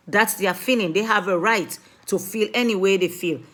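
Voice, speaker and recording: A woman's voice: medium pitch, a little fast, fairly bright tone. A woman from Africa, a mother and community speaker, giving an earnest, emphatic talk that pleads with her listeners and repeats her main points.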